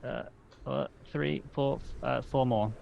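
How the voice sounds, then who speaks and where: A man's voice: medium pitch, steady tone, takes it slowly, gravelly, dull audio, slight background noise. A man playing a tabletop game, talking hesitantly and hedging his moves. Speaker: player. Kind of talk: casual tabletop game play.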